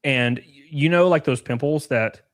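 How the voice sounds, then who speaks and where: A man's voice: medium pitch, normal speed, no echo. Thirties guy hosting a stream, chill swearing chat, dry close mic. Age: 30s. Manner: casual, swears, reads super chats aloud. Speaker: livestream host. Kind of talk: casual livestream chat.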